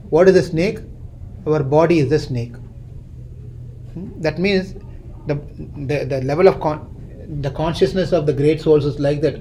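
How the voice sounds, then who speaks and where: A man's voice: fairly high pitch, steady tone, moderate pace, pauses often, mellow, slight background noise, rough recording. A man teaching a scripture class, retelling a story, often repeating or restarting phrases and quizzing his listeners.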